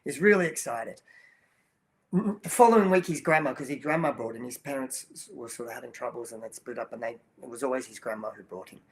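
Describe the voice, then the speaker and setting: A man's voice: medium pitch, fast talker, slight background noise. A man in his sixties, a coach guest, telling stories in an earnest, casual way with frequent restarts. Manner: storytelling, earnest, many restarts and you-knows. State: choked up while telling a story. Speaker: guest, children's movement program coach. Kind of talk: casual interview talk.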